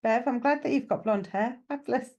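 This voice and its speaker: Woman psychic medium, chatty and reassuring, self-mocking, higher-pitched voice. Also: brisk, darkish tone, lo-fi sound. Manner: chatty, reassuring, full of "okay" and "right" fillers; self-mocking, laughs at herself. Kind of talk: live mediumship reading, chatty.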